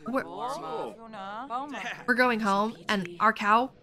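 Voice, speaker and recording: A woman hosting a gaming video, talking through her play in a chatty, excitable way as she thinks aloud to viewers. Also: on the high side, slow, crowd noise. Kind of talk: casual let's-play commentary.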